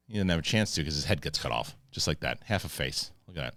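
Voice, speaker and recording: Male TV reviewer, very low voice, dry booth sound; casual, salty recapper who rambles and acts out scenes. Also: lively intonation, fairly bright tone, no echo. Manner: profane, acts out scenes in quick paraphrased quotes; rambling with restarts when moved. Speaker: film and TV reviewer.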